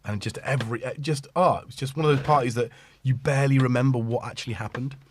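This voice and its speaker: A man's voice: mid-range voice, fairly even intonation, fast talker, slight background noise. A middle-aged British man hosting a livestream, chatting casually into a studio mic and often interrupting himself. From Britain. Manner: rambling, self-interrupting, chatty with the audience. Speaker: livestream host. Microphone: studio microphone.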